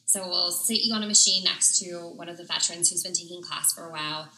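Woman studio instructor, very bright tone, echoey room; upbeat explainer. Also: fairly low pitch, fast talker, slight background noise. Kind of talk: casual interview answers.

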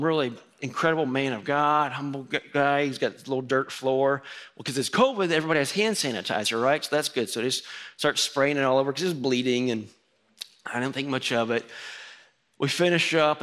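A man's voice: mid-range voice, a bit bright. Man preaching a conversational sermon. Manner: conversational storytelling with quoted voices. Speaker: pastor.

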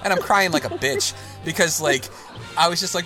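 A man hosting a casual podcast, talking at length and with strong feeling, swinging from excited outbursts to hushed, tender stretches. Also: high-pitched, normal speed, over music. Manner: long-winded, emotional, swings from excited to hushed. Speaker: podcast host.

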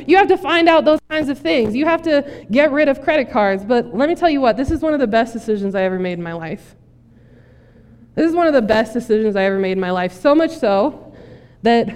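A woman's voice: fairly high pitch, a little mellow. A woman pastor preaching a sermon in a casual, joking, direct way. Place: church sanctuary. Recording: long reverb in church.

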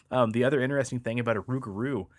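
A man's voice: mid-range voice, dry recording, clean studio sound. A man co-hosting a casual podcast, retelling folklore in a laid-back, rambling way. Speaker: podcast co-host. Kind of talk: casual storytelling chat.

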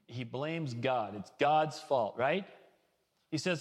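A man's voice: mid-range voice, takes it slowly, in a large hall. A man preaching a conversational sermon, reading scripture with feeling and mixing in folksy asides. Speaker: pastor.

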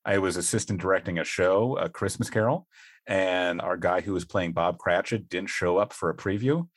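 Man cohosting a podcast, lowish voice, laughs a lot, dry close sound. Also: normal speed, slightly rough, dry recording. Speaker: podcast co-host. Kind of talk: casual chat.

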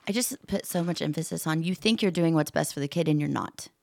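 A woman's voice: sits low, fast, gravelly. A woman co-hosting a podcast in casual chat, talking in a frank, matter-of-fact way. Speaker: podcast co-host.

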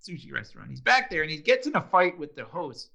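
A man's voice: on the high side, very animated, quick pace, gravelly, bright, forceful tone. A man co-hosting a casual chat, recapping a TV episode, laughing often and restarting his sentences. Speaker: podcast co-host.

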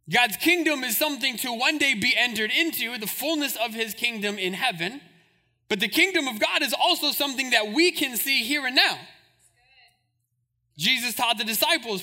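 A man's voice: very high-pitched, animated, normal speed, sharp tone. A man preaching a sermon as pastor, emphatic and repetitive, building his points phrase by phrase.

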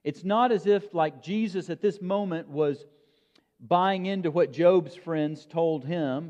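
A man preaching a sermon in a measured, emphatic way, with dramatic pauses. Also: fairly high pitch, darkish tone. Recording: long reverb, dull lo-fi sound.

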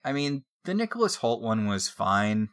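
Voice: mid-range voice, big pitch swings, moderate pace. A podcast co-host recapping a show in casual chat, with dry, wry asides.

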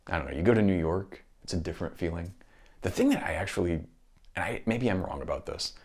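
A man's voice: deep voice, vocal fry. A man talking through his thoughts in a casual monologue, rambling and restarting often.

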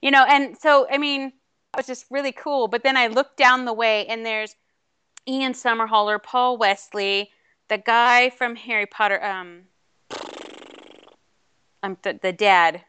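A woman's voice: on the high side, steady tone, a little slow, pauses often, sharp tone, clear, resonant tone, no echo. A woman co-hosting a podcast, telling a rambling, chatty story with lots of fillers in casual chat. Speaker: podcast co-host.

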